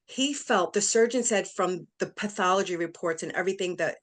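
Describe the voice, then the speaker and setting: A woman's voice: lowish voice, fairly quick. Middle-aged woman, interview guest, emotional first-person storytelling, performs quoted voices.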